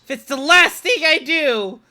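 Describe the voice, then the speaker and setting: A woman's voice: high voice, expressive, a little slow, pushed and bright, voice pushed up, exaggerated voice. A woman voicing an earnest, anxious but brave young woman in a video game, speaking urgently.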